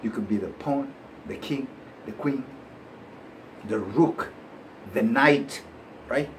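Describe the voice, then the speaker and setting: A man's voice: mid-range voice, slow pace, a little hiss or hum. A man with a bilingual Spanish-English accent, hosting his show and giving a preachy motivational talk that keeps asking "right?" and breaks into laughs. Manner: animated, preachy, laughs often, asks "right?". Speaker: show host.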